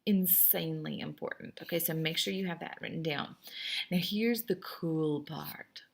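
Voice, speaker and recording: A woman French teacher with a low voice and vocal fry talks at a moderate pace. At a computer microphone, she gives a recorded class lesson in an upbeat, chatty, encouraging way.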